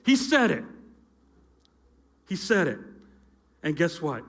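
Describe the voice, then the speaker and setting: Youth pastor guy, high voice, takes his time, jokey asides to the crowd on a church stage. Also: very animated, slow, long pauses, fairly bright tone. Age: middle-aged. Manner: playful asides to the audience. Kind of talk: sermon storytelling. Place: church stage with a live audience. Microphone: handheld or stage mic with feedback.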